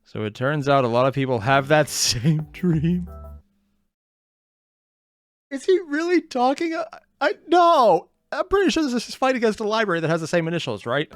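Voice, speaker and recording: A man hosting a reaction video, sarcastic and excitable, swearing freely. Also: on the high side, quick pace, few pauses, soft background music. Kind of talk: reaction commentary.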